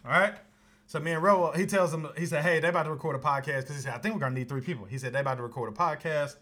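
A man co-hosting a podcast, telling a story in casual chat with lots of laughter and sudden high-pitched outbursts. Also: rapid-fire. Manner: animated, laughing storyteller, voice jumps high when excited. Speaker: podcast co-host.

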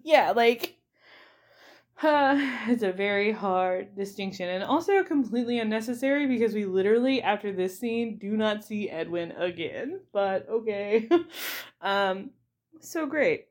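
Slow, rambling young woman recapping a movie. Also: mid-range voice, darkish tone. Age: young adult. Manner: rambling, lots of fillers and giggles. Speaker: podcast host.

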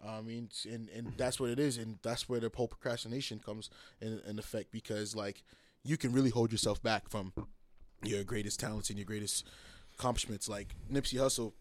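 A man's voice: on the low side, fairly even intonation, fairly quick. A man from Boston, a comedian, chatting loosely as a guest on a podcast, laughing often between his words. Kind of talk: casual podcast chat. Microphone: studio mic.

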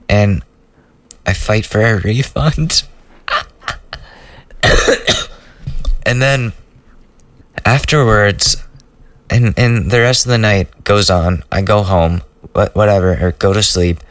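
A man's voice: lowish voice, measured pace, long pauses, dry recording, recorded from a distance. Laid-back young man telling stories. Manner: loose, rambling, profane storytelling. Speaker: podcast host. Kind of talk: casual solo storytelling.

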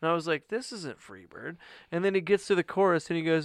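A man telling stories in casual chat, animated and profane, acting out quotes loudly. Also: high-pitched, a little fast, gravelly, smooth, no echo, clean studio sound.

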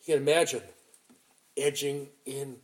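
A man preaching a sermon, retelling a scripture story in an animated, emphatic way with frequent restarts. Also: mid-range voice, unhurried.

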